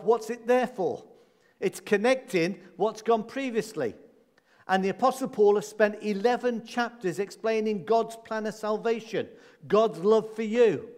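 In a church hall, a man with a high but darkish voice preaches a sermon with emphasis, repeating key words and posing rhetorical questions. The recording carries a long church reverb.

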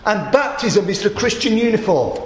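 A man preaching a sermon in a conversational storytelling way, his voice a little groggy and hoarse. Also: high voice, big pitch swings, moderate pace, reverberant, a little hiss or hum.

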